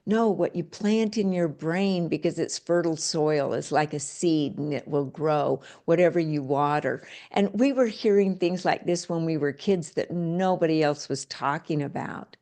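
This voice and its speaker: A middle-aged woman author talking in an interview, animated, acting out quoted phrases in different voices. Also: sits low, normal speed, hardly any pauses. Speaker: author and guest. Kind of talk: interview conversation.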